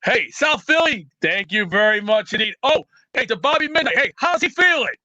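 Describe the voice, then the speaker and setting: Brash caller, very high and bright, loud rambling tough-guy bluster on a dull lo-fi internet line. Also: expressive, moderate pace, no echo. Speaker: show caller. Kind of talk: comedic call-in rant. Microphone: remote internet call. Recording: lo-fi internet call audio.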